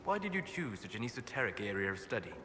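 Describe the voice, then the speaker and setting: An inquisitive elven scholar in a video game, his bright voice rising and falling. He speaks in measured, precise questions. His lines come through game audio with a long reverb tail. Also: mid-range voice, sing-song, a little hiss or hum. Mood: curious. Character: scholarly elven male mage, calm and curious.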